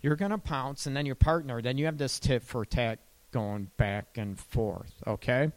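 A man who works as a couples therapist, giving relationship advice in a conversational way and often checking in with "right?". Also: medium pitch. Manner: slow, conversational, tags lines with "right?".

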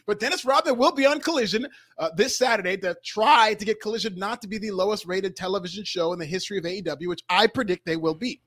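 High-voiced man running down wrestling news. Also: quick pace, hardly any pauses, a bit bright, dry recording. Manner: laid-back, joking, with chuckles. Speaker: podcast co-host. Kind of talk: casual podcast chat, news rundown.

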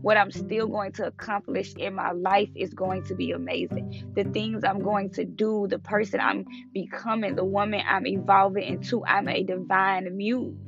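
A woman in her twenties hosts her own podcast in an earnest, motivational monologue, stacking up repeated affirmations and swearing casually. Her voice has a gravelly, fry-edged texture. The recording sounds dull and lo-fi, with music playing clearly underneath. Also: mid-range voice, moderate pace. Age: 20s. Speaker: podcast host.

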